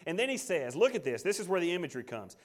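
A man preaching a sermon, emphatic, swinging between loud declarations and hushed asides, and reading scripture aloud. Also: sits high, very animated, racing. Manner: reads scripture aloud, voices God in quotes. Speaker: pastor.

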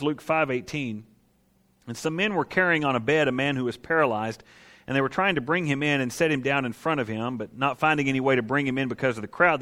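A man preaching a sermon, animated, acting out voices from the scripture he reads. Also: mid-range voice. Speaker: pastor.

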